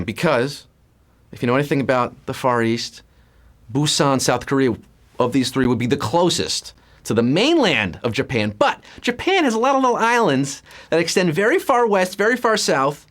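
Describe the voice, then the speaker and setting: A man hosting a live trivia game show, reading questions and answers in a playful, punning, hyped-up way. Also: on the high side. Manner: playful, punning, lively hype. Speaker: quiz show host.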